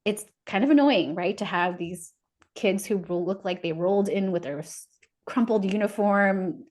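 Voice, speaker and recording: A woman in her forties with a mid-range voice tells stories of her past in relaxed podcast chat. She talks with lively energy, laughs often, and acts out the people she quotes. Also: medium pitch. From United States. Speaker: podcast guest. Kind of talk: casual storytelling.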